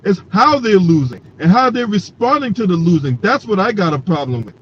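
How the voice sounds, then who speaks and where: A man's voice: high-pitched, big pitch swings, fairly quick, a bit bright. A man hosting a casual sports talk panel, emphatic and swearing freely. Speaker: host. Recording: dull lo-fi call audio with faint noise.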